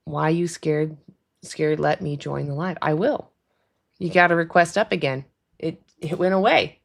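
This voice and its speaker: A young woman talking casually on her livestream, chatty and quick to laugh as she answers commenters. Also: deep voice, vocal fry. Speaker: livestream host. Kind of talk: casual live-stream chat.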